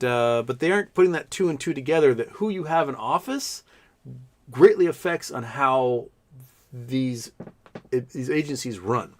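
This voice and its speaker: A man hosting a live stream in casual, sarcastic commentary, rambling with frequent restarts and mocking put-on voices. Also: mid-range voice.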